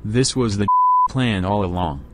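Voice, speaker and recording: A man's voice: fairly low pitch, expressive, a little slow, heavy background noise, voice pushed down. A man putting on the voice of a smug, mocking troll who sneers and laughs at his own lines.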